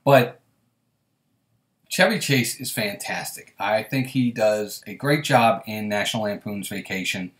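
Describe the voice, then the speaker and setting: A man's voice: fairly low pitch, animated, a little slow, reverberant. A man hosting a casual live stream, chatting and laughing often as he reads viewer comments aloud. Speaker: host.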